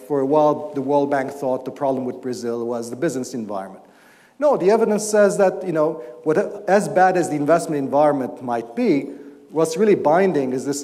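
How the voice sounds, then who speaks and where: A man, an economics professor, giving an explanatory academic talk and answering questions, often pausing and restarting his sentences. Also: fairly high pitch, mellow, in a large hall. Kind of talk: academic lecture and Q&A. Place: lecture hall.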